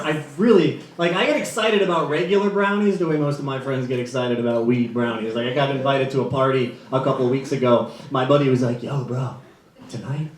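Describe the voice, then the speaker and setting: A man's voice: medium pitch, a little hiss or hum. A young man doing a stand-up comedy set in a club, chatty and self-mocking, with loose fillers. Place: comedy club stage before a live audience. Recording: echoey club with crowd laughter.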